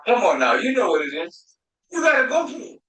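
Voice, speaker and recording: A man working as a driver, confronting officers, challenging them with heated questions and sometimes shouting. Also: high voice, wildly swooping pitch, fairly quick, echoey room, soft background music, low-quality recording.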